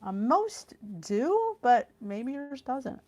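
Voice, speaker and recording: A woman's voice: high-pitched, drawn-out words. Chatty middle-aged woman on a live stream. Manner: chatty and excitable, gasps and trails off mid-thought. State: tired, yawning from the heat. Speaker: host of a live cooking stream. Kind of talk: casual live-stream chat, reading viewer comments. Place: home, on a video call. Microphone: computer on a video call.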